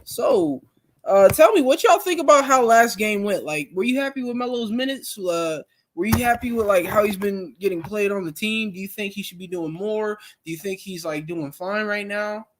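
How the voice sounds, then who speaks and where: A young man hosting a live stream, chatting casually with viewers in a relaxed, rambling way full of fillers. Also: sits high, normal speed. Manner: laid-back, rambling, many fillers.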